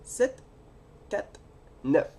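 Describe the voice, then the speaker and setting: A woman's voice: drawn-out words, mellow. A woman opening trading card packs in casual chat, joking around in clumsy French. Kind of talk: casual box-break chat.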